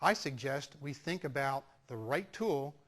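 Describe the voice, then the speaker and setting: A man telling a personal story as a sales trainer, animated and acting out the dialogue. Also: mid-range voice, a little slow. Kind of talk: storytelling talk.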